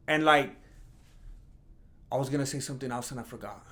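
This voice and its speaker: A man talking on a solo podcast in a casual, rambling way. His voice sits a little higher than most men's, and he jumps up into higher, mocking tones when he imitates critics. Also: normal speed, long pauses. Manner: rambling, animated, mocks imagined critics in a higher voice. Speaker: podcast host.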